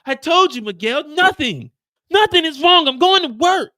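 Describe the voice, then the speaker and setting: A man voicing a defensive young woman in a high, shrill, exasperated voice. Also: very animated, moderate pace, pushed and bright, full character voice. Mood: insistent.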